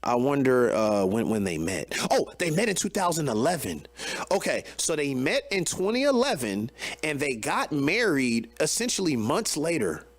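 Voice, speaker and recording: A man's voice: fairly high pitch, sing-song, normal speed, no room sound. A man co-hosting a casual podcast, reading an article aloud and mocking it, profane and incredulous. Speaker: co-host.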